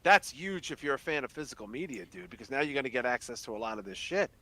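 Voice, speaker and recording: A man co-hosting a live-stream podcast, chatting casually in an excitable, profane way. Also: medium pitch, fast talker. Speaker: podcast co-host.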